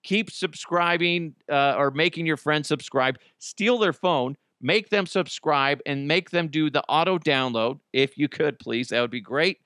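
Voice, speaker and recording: A man's voice: a little high, a little slow, hardly any pauses, a bit bright, clear, resonant tone, no echo, studio quality. A man hosting a podcast, talking casually in a crude, jokey way and slipping into mocking voices. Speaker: podcast host. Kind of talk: casual solo podcast rant.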